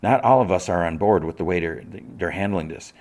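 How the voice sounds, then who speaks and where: A timid, sympathetic secretary, as a man puts her on in a podcast recap. She speaks softly and hesitantly in the performer's low voice. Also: a little fast, natural voice.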